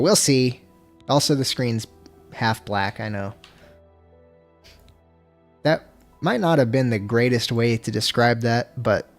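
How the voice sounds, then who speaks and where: Lively, foul-mouthed gaming streamer. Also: mid-range voice. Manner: swears freely, frustrated outbursts; laid-back, talks to chat. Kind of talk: casual gameplay livestream chat.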